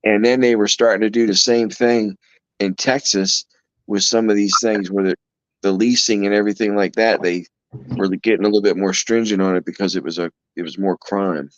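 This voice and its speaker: A man's voice: lowish voice, fairly even intonation, a little fast, dry recording. A man hosting a live stream in easygoing casual chat, cracking corny jokes. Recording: dull lo-fi audio.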